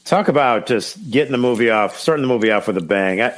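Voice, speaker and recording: A man co-hosting a film podcast who reacts with animated, joking comments. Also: medium pitch, fast. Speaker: podcast co-host. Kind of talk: casual film-discussion podcast.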